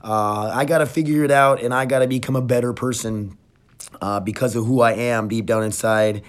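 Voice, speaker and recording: A man hosting his own podcast, talking casually and bluntly with frequent swearing, switching from hyped gym promotion to quieter personal reflection. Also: mid-range voice, brisk. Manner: blunt, profane, energetic then reflective. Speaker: podcast host. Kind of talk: casual solo podcast talk.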